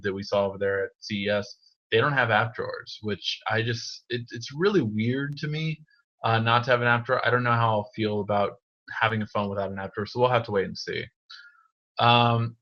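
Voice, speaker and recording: Man, live tech Q&A host, casual rambling talk with fillers, slightly low voice, muffled lo-fi stream. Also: fairly bright tone. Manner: rambling, many ums and uhs, restarts. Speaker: tech show host answering viewer questions. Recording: dull lo-fi stream audio.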